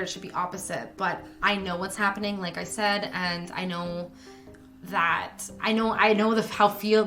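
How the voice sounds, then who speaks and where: A woman's voice: medium pitch, sharp tone. A woman co-hosting a casual movie review podcast, rambling through her thoughts, swearing freely and putting on playful mock anger. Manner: rambling, restarts sentences. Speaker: podcast co-host.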